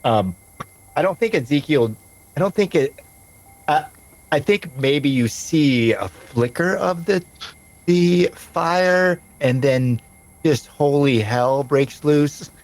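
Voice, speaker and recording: A man narrating as game master of a tabletop game, rambling with frequent pauses and restarts. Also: on the high side, expressive, darkish tone, poor audio.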